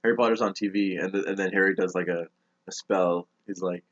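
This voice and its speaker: A man's voice: sits low, fairly even intonation, a little fast, fairly bright tone, no echo. A young man hosting a podcast, telling rambling stories and laughing often in casual chat. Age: young adult. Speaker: podcast host. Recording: dull lo-fi dry recording.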